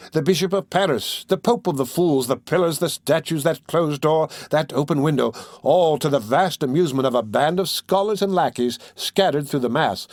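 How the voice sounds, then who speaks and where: A man reading a classic novel aloud as an audiobook narrator, in a measured, unhurried way. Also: mid-range voice, darkish tone, dry recording.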